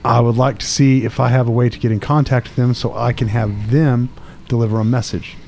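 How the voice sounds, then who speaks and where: A man's voice: mid-range voice, little pitch movement, a little fast, gravelly, background noise. A man playing a tabletop role-playing game, plain and matter-of-fact. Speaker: player.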